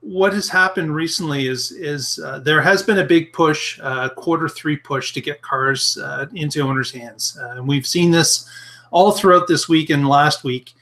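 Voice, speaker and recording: Male co-host with a bright, forward voice, explains things plainly, laughs easily. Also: fairly high pitch, moderate pace. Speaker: podcast co-host. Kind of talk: casual chat.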